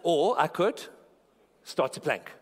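A man preaches to his congregation, mixing a story with playful jokes. His voice sits fairly high for a man. It rings out with a long reverb across a large church auditorium. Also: big pitch swings, slow. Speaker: pastor. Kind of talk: humorous sermon storytelling.

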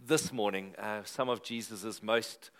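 South African pastor bantering before prayer. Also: male voice, on the low side, fairly even intonation, measured pace, fairly bright tone. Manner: jokey and conversational, then earnest in prayer. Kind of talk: sermon opening and prayer to a live congregation. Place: church service.

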